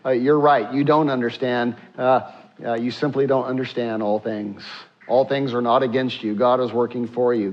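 A man preaching a sermon to his church, with frequent filler sounds and hushed acted-out prayers. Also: medium pitch, lo-fi sound. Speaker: pastor.

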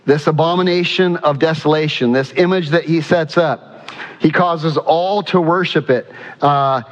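A pastor preaching a sermon to a congregation, reading scripture aloud and asking the people questions. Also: male voice, a little high, fairly even intonation, a little slow, a little hiss or hum. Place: church sanctuary. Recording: dull sound in a reverberant church hall.

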